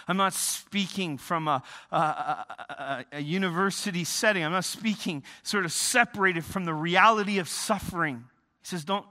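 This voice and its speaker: A man preaching a sermon, emphatic, often repeating and restarting words, swinging between loud emphasis and quiet lows. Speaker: pastor.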